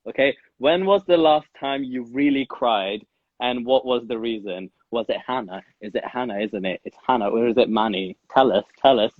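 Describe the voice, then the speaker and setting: Teasing guy hosting a chat show, gets excitable, kinda dull muffled audio. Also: medium pitch, moderate pace, no echo. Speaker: podcast host. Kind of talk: casual interview chat.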